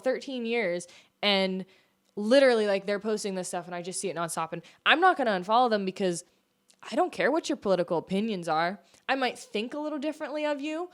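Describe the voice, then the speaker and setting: American woman, mid-range voice, hosts a solo podcast with pointed, argumentative political talk. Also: medium pitch. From United States. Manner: emphatic, argumentative, full of rhetorical questions. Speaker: podcast host. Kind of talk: opinionated political commentary monologue.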